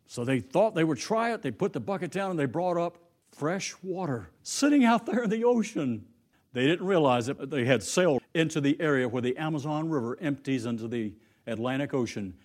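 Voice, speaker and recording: A man's voice: medium pitch, a little mellow. A man preaching a sermon, telling a story and lifting his voice for the quoted lines.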